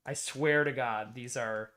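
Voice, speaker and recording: A man's voice: medium pitch, fairly even intonation, unhurried, fairly bright tone. American man, streamer, casual chat, argumentative, explains by example. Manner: argumentative, explaining with repeated vowel demos.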